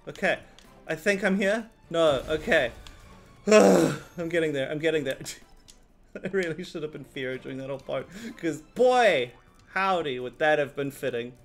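A man giving rambling, swearing, excitable commentary while playing a video game. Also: a little high, measured pace, vocal fry, faint music behind. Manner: rambling, excitable, swears often, laughs a lot. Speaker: gaming video host. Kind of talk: let's play commentary.

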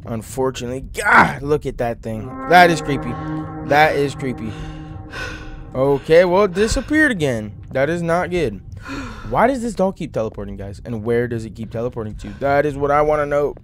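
A man's voice: medium pitch, animated, moderate pace, a bit bright, soft background music. Jumpy man narrating a horror game. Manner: jumpy, talks to viewers, yelps when startled. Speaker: gaming channel host.

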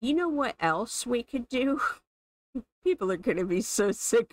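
A gaming channel host, a woman, plays a life-sim game while offering casual, amused commentary and thinking aloud. Her voice is on the high side and very animated, at a measured pace, and the audio is poor though free of echo.

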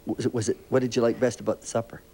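An older man hosting a children's TV show, gently interviewing young kids in a chatty, rambling, fatherly way. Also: mid-range voice, little pitch movement, very fast, a little hiss or hum.

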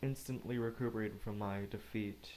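A man giving casual let's play commentary, rambling and talking to himself with quick asides. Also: fairly low pitch, steady tone, darkish tone, slight background noise. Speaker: gamer narrating gameplay.

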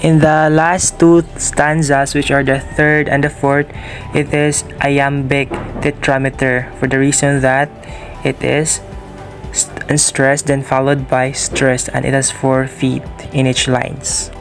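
A young man giving a student class presentation, explaining poetic meter in a slow, careful, read-out way. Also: medium pitch, little pitch movement, soft background music.

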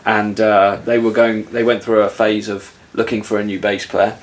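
A man's voice: fairly low pitch, level tone, normal speed, slight background noise. A man co-hosting a casual chat vlog, talking with frequent fillers and restarts. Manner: hesitant, many fillers and restarts. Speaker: vlog co-host.

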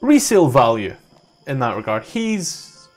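A man's voice: medium pitch, sing-song, a little slow, faint music behind. A man with a Scottish accent runs a tabletop game. He explains rules in a loose, conversational way, restarting phrases as he goes. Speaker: game master.

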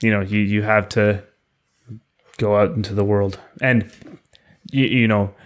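A man with a lowish, even voice that stays close to one level. He talks through ideas thoughtfully, turning each point over as he goes in a casual podcast discussion. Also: a little slow. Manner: thoughtful, reflective. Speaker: podcast co-host.

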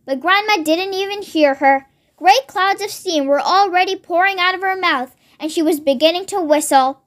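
A child reading a storybook aloud in steady narration. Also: extremely high pitch, moderate pace. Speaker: storybook reader.

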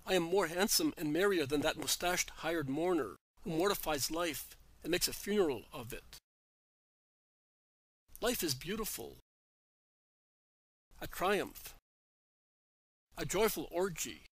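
A swaggering, boastful young Roman man in a storybook reading, read by a man. He coaxes and brags in a slightly high, close voice. There is no room sound. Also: expressive, a little slow, long pauses, slightly rough, no room sound, rough recording. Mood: coaxing. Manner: boastful, coaxing.

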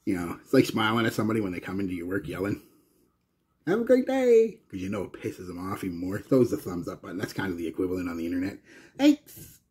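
A man's voice: sits low, fairly even intonation, racing, hardly any pauses, husky. A Canadian man chatting to viewers in a casual, rambling fragrance review. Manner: rambling and chatty, with frequent restarts.

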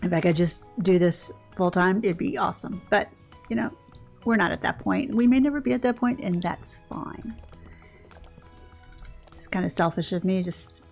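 An older woman with a gravelly, creaky voice talks casually over gameplay. She rambles along, cutting herself off mid-thought and starting over. Soft music plays faintly behind her. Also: medium pitch, normal speed. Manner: chatty, rambling, self-interrupting. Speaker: gaming channel host.

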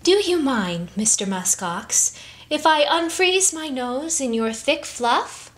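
A sly, sweet-talking vixen as a woman reading a storybook voices her. She sounds a bit higher than usual, with a lively rise and fall. She speaks unhurriedly. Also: slow pace. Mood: coaxing. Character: cold female arctic fox, sly and coaxing.

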